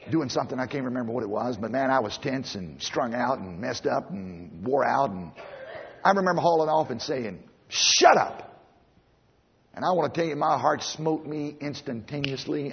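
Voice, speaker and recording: Middle-aged male preacher, very husky raised voice, emphatic sermon delivery, long church reverb, dull lo-fi recording. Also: on the high side. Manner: emphatic, repeats phrases, swings between loud and hushed.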